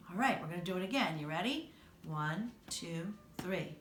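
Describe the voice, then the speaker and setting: A woman's voice: fairly low pitch, expressive, moderate pace, fairly bright tone. A woman storyteller leading children in a rhythmic chant with whispered parts. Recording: roomy echo, faint music.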